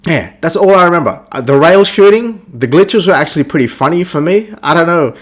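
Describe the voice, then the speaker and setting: A man's voice: sing-song, normal speed. A man on a podcast, ranting about a video game in a crude, profane, mocking way. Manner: crude, swears constantly, mocks characters in squeaky voices. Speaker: podcast host reviewing a game. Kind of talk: casual profane rant.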